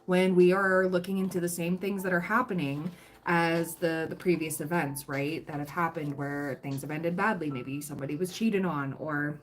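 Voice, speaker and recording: A woman's voice: low voice, fairly even intonation, normal speed. A woman giving a chatty, reassuring tarot reading on a livestream, full of fillers and restarts, her throat dry and catching. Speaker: tarot reader.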